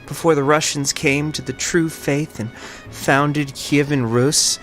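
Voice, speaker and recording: A man reading out the journal of a zealous, paranoid male autocrat, in a slow and solemn manner. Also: a little high, steady tone, fairly bright tone, faint music behind. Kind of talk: reading in-game text aloud.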